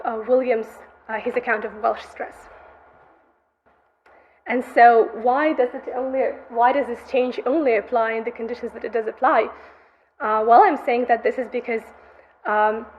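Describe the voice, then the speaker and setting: A woman with a slightly high voice gives an academic conference talk. She explains slides in a measured way, with frequent fillers as she points to figures. The sound is roomy and a little muffled, with faint background noise. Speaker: conference presenter.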